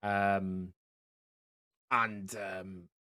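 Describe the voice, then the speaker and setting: A man's voice: deep voice, flat delivery, extremely slow, bright, forceful tone. A man narrating a tabletop game as game master, rambling with many fillers and restarts.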